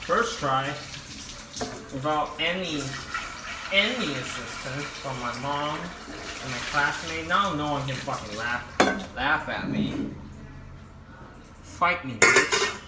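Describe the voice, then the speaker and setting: A man's voice: fairly high pitch, lively intonation, slow pace, long pauses, very noisy. A teenage boy filming a cooking vlog in his home kitchen on a phone, joking brashly, swearing a lot and rambling off topic. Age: teens. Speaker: vlogger.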